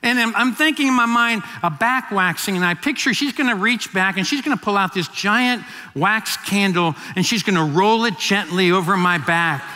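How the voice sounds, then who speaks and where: In a large hall with long reverb, a fifties-aged male pastor preaches with a bright, high, ringing voice at a moderate pace, hardly pausing. His stories come with many restarts and repeated words.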